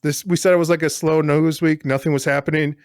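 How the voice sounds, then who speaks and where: Podcast co-host, male, slightly high voice, rambling filler-heavy chat, dry close sound. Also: little pitch movement, fast talker, smooth, dry recording. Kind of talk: casual chat.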